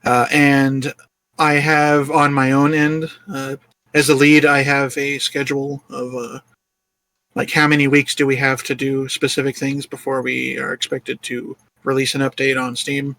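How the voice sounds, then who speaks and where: A man's voice: medium pitch, little pitch movement, measured pace, creaky, pushed and bright. A man who leads a small game studio, chatting casually in an interview, jokey and self-deprecating with frequent laughs. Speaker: lead game developer.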